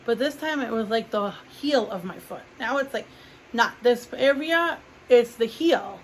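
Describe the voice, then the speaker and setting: A woman's voice: on the high side, expressive, measured pace, slight background noise, poor audio. A woman vlogger telling a long personal story in a casual, rambling way, filling her talk with "like" and acting out what others said. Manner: rambling, heavy use of "like", acts out quoted dialogue. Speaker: vlogger reviewing a product.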